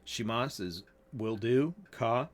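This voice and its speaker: A man who is losing his voice, explaining grammar in a casual, halting way while playing a game. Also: mid-range voice. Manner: relaxed, halting explanations with fillers. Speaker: language teacher. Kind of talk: casual gameplay lesson.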